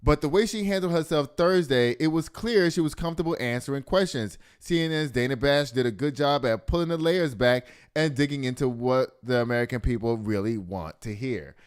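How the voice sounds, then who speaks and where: A man's voice: mid-range voice, brisk, few pauses, clean tone. A man hosting a casual news and gossip commentary show, talking straight to his viewers as "y'all" and swearing freely.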